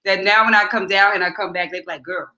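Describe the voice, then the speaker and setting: A woman from New York with a New York accent, co-hosting a casual chat and telling animated stories with chatty asides. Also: medium pitch, fast talker. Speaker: co-host.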